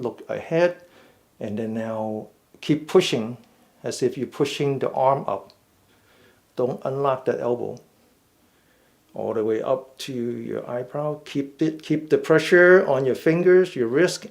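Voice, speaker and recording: Guy teaching a chair exercise class, slow and patient, talks you through each step. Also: mid-range voice, creaky, a little mellow. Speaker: fitness and meditation instructor. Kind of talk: guided seated exercise class.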